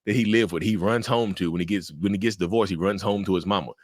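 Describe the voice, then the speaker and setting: A man's voice: low voice, fast talker, no room sound, clean studio sound. A man, giving casual, emphatic commentary on a viewer's story with lots of rhetorical questions. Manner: emphatic, rhetorical questions, says y'all often.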